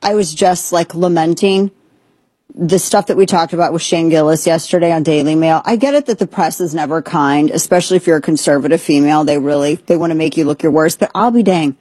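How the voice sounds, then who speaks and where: A woman with a husky, slightly breathy voice, hosting an opinionated commentary monologue. She talks with sardonic emphasis and blunt slang, and her speech sounds dry and close, with no room echo. She has an ear infection. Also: low-pitched, fairly quick, dark tone. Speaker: show host.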